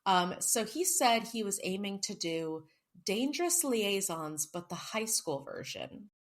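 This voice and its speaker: A woman's voice: mid-range voice, lively intonation, unhurried. A woman co-hosting a casual book podcast, chatty and self-mocking, swearing now and then. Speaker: podcast co-host. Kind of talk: casual chat.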